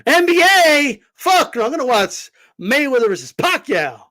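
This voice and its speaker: A man talking boxing in a casual vlog, animated and swearing, rambling with lots of fillers. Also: very high-pitched, a little slow. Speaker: boxing commentator.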